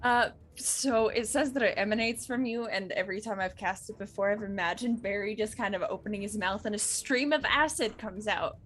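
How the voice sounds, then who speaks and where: A woman playing a tabletop role-playing game, describing her character's actions in an unhurried, chatty way. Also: medium pitch, fairly bright tone. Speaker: player.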